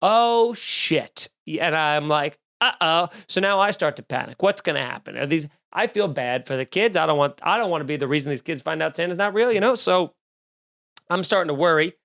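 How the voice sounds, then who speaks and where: Man, comedian podcast host, profane storytelling, self-deprecating, slightly high voice. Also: lively intonation, a little fast, gravelly, fairly bright tone. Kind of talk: solo comedic storytelling rant.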